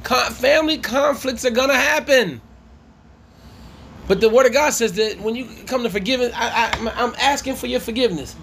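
A man's voice: very high voice, animated, normal speed, creaky, fairly bright tone, a little hiss or hum. A man coaching couples in a church workshop who speaks emphatically like a preacher and repeats his challenges to the audience. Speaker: marriage coach.

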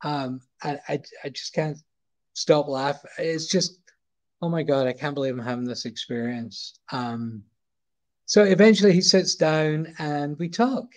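A man's voice: a little high, a little slow, darkish tone. A middle-aged Scottish man telling a story as a podcast guest, rambling and often restarting his sentences. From Scotland. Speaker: guest, photographer. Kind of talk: casual anecdote storytelling.

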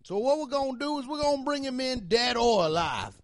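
A man's voice: very high-pitched, big pitch swings, a little fast, pitched above the performer's own voice, full character voice. A man putting on a blustering Southern sheriff. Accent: Southern US (put on). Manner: loud, preachy, drawling pep talk. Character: blustering Southern small-town sheriff briefing his men. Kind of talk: improvised video game character monologue.

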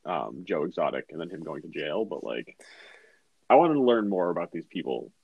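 A man co-hosting a podcast over a remote call, asking quick, curious questions with lots of fillers. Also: low voice, big pitch swings, gravelly, breathy edge, no echo, muffled recording. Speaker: podcast co-host. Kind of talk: casual chat.

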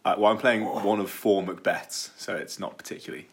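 A man's voice: fairly low pitch, fairly even intonation, brisk, slightly rough. A young man, a podcast guest, chatting casually and telling rambling stories with dry self-deprecating humour.

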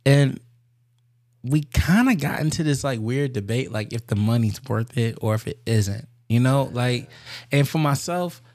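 A young male co-host in an easy podcast conversation. He is blunt and profane, and he keeps reasoning out loud as he makes his case. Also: mid-range voice, a little slow. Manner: candid, profane, animated. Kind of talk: casual chat.

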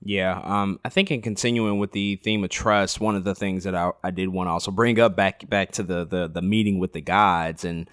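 A lower-pitched man talks through a TV episode in a relaxed podcast chat. He is enthusiastic, backtracks often, and fills pauses with "like" and "um". The sound is dry and close, with little room echo. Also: smooth. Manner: enthusiastic, many fillers and restarts. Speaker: podcast co-host. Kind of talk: casual discussion of a TV episode.

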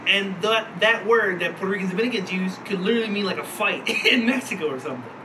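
A man's voice: high-pitched, fast, noisy background. A man, co-hosting a podcast in casual chat, rambling, laughing often and swearing. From Philadelphia. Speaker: podcast co-host.

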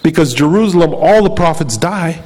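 A male preacher delivering a sermon, firing off rhetorical questions and slowing down to repeat key phrases. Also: a little high, expressive, darkish tone, soft background music, low-quality recording.

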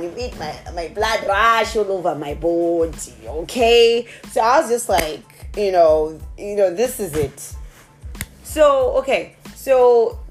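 A woman telling viewers a personal story in a casual, chatty, animated way. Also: fairly low pitch. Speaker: vlogger.

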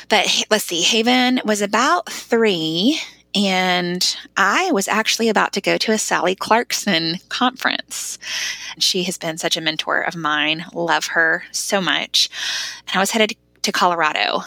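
A middle-aged woman shares a heartfelt personal story as a podcast guest, speaking casually and leaning on "like" as she talks. Her voice sits low with a gravelly fry and a bright, sharp edge, and it comes across dry and close. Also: measured pace, no room sound. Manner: conversational, frequent "like" fillers.

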